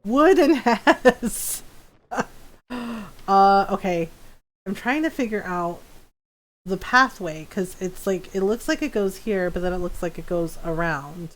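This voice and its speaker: A woman's voice: mid-range voice, lively intonation, takes it slowly. A woman game streamer chatting casually while she plays, rambling and laughing through her stories. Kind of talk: casual live-stream chat while playing.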